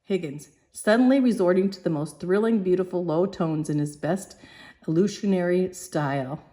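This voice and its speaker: A woman reading a play aloud, giving the stage directions in a measured way. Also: fairly low pitch, dark tone. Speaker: reader.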